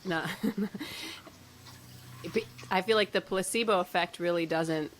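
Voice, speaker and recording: A woman with a lowish voice hosts a relaxed conversation. She talks loosely, fills her sentences with "like" and laughs often. A faint hiss runs under her voice. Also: slow pace. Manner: chatty, laughs often, many "like" fillers. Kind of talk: casual chat.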